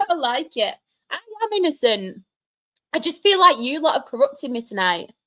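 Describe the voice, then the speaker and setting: Young woman, Mancunian accent, casual stream chat, laughs a lot, slightly high voice. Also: big pitch swings, normal speed, pushed and bright. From Manchester, England. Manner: chatty, laughs often, answers chat with banter. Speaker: streamer answering chat questions.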